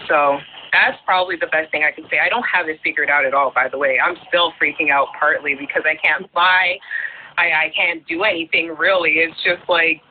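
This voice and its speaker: A woman's voice: deep voice, steady tone, fairly quick, slight background noise. A woman guest chatting casually about her plans, rambling with lots of filler words. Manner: rambling, filler-heavy talk with many "like"s. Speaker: guest, YouTuber. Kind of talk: casual chat. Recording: tinny phone line.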